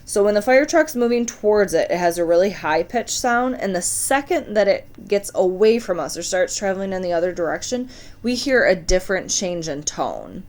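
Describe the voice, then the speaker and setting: A woman's voice: medium pitch, big pitch swings, normal speed, a little mellow, a little hiss or hum. A woman teaching a science lesson, talking casually and putting questions straight to her students. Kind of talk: recorded classroom lesson.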